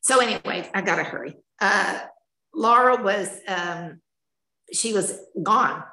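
A woman's voice: mid-range voice, expressive, a little slow, pushed and bright, reverberant, low-quality recording. An older woman telling her personal story at a recovery meeting, candid and emotional, in a chatty storytelling manner. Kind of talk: personal testimony.

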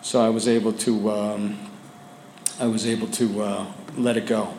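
A man sharing his personal story with a support group, speaking candidly and haltingly with frequent restarts, sometimes dropping low and quiet. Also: flat delivery, slight background noise. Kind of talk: personal testimony. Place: meeting room with a group of men. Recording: echoey room with faint ambience.

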